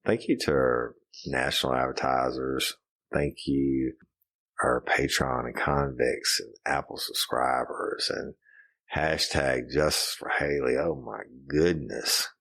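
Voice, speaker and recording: Man in his fifties, podcast co-host; very low gravelly voice, rambling jokey delivery. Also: fairly even intonation, takes it slowly, fairly bright tone. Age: 50s. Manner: joking, rambling, with profanity. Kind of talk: casual chat.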